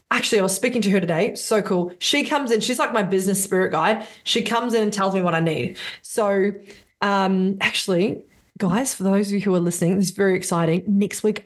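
A woman, a podcast guest telling her story in casual, animated talk and swearing freely. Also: mid-range voice.

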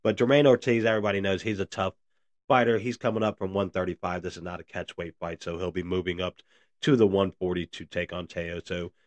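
A man with a very deep voice hosts a casual solo podcast. He rambles along loosely, full of "uh" and "man," talking straight to his listeners. The sound is close and dry, with no room around it. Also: no echo. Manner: rambling, filler-heavy, says "man" and "guys" a lot. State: briefly out of breath. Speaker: podcast host.

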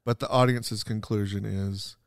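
A man's voice: lowish voice, fairly even intonation, moderate pace, vocal fry, dry recording, studio quality. A man co-hosting a podcast, arguing a reading of a film and checking whether he makes sense. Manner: probing, restarts, asks questions. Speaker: podcast co-host. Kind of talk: casual movie discussion.

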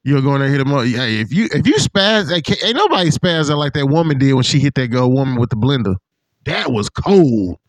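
Animated, profane man telling stories. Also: mid-range voice, fast talker, hardly any pauses, no echo. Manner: animated storyteller, profane, quotes others in put-on voices. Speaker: podcast co-host. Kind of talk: casual chat.

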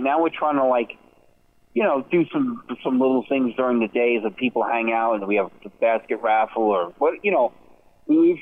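A man calling in as a guest on a podcast, speaking in an earnest, rambling way and often running into others' lines. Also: mid-range voice. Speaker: event organizer, guest. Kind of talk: casual podcast conversation. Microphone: phone or call audio. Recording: tinny phone line.

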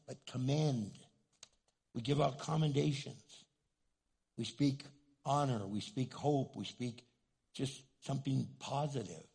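A man's voice: mid-range voice, creaky, mellow, slightly rough. A man preaching a sermon, telling stories with animation and acting out the people in them. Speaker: pastor.

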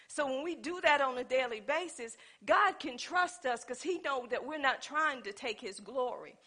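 A woman's voice: high-pitched, normal speed, hardly any pauses. A woman preaching a sermon in a conversational, storytelling way, speaking. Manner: animated, conversational, with dialect and storytelling.

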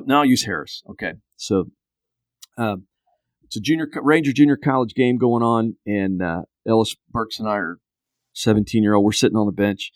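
A man's voice: on the low side, dry recording, clean studio sound. A man in his fifties, a podcast guest, casually telling a long story and acting out other people's lines. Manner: animated storyteller who acts out quotes.

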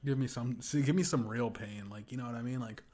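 Dark in tone and medium in pitch, this young man's voice moves a little fast as he hosts his podcast. It's a casual rant full of crude, meandering stories, punctuated by frequent laughter.

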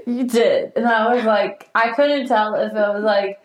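A woman's voice: mid-range voice, steady tone, measured pace, roomy sound. A woman co-hosting a podcast in casual chat, teasing and playful with her partner. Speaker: podcast co-host.

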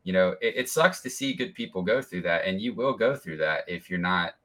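A man with a very low voice that still sounds forceful and bright. He co-hosts a podcast and talks bluntly, with some heat. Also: expressive, brisk. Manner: blunt, heated. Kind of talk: casual chat.

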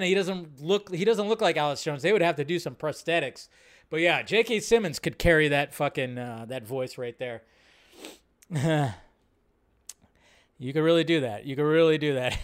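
A man's voice: fairly high pitch, fairly bright tone. A man hosting a live online film show, casual, rambling and profane, with lots of fillers. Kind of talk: casual live-stream commentary.

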